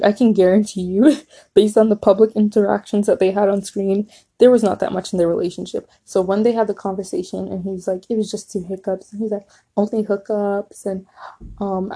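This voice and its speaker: A young woman with a warm, mellow voice talks through a TV season in a relaxed vlog. She is animated and gushing, and she quotes characters without changing her voice. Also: mid-range voice. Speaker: TV show reviewer. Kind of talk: casual chatty review.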